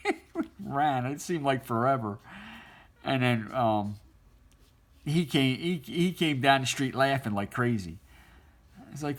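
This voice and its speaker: A man's voice: mid-range voice, normal speed, pauses often. A middle-aged man casually telling a childhood story while he draws, rambling and laughing often. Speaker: artist drawing on stream.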